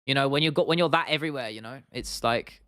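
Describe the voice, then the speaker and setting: A man's voice: medium pitch, fast, fairly bright tone, no room sound, clean studio sound. A man hosting an MMA livestream, chatting casually and answering viewer comments in a rambling, sweary way. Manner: rambling, swears freely, lots of restarts and fillers.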